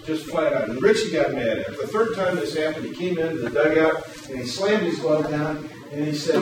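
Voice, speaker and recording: A male workshop presenter telling a story in a lively way, then explaining a program, recorded from a distance in a large room. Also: a little high, a little fast, hardly any pauses. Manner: animated storyteller, loud acted quotes. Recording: echoey hall, distant mic, room noise.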